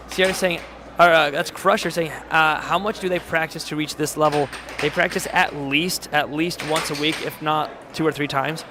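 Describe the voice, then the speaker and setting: A man commentating a live air hockey match, his voice going hoarse, excitable and chatty as he reads viewer messages aloud. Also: on the high side, noisy background. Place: tournament hall.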